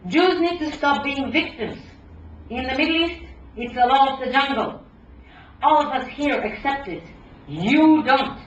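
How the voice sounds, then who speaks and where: A woman's voice: high voice, animated, a little slow, voice pushed up. Woman reading as an indignant, needling immigrant woman. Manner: heated, needling outbursts. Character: indignant post-Soviet immigrant woman, quick to argue. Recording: roomy hall, distant dull mic.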